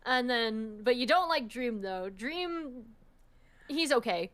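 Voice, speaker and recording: A woman's voice: fairly high pitch, animated, takes it slowly, heavy background noise. A young adult woman co-hosting a stream, chatting casually and recapping with slang and giggles. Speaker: co-host guest.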